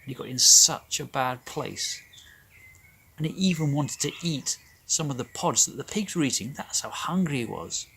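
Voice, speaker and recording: A man leading a children's club, telling a Bible story in an animated, emphatic way. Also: medium pitch, normal speed, gravelly, a little hiss or hum.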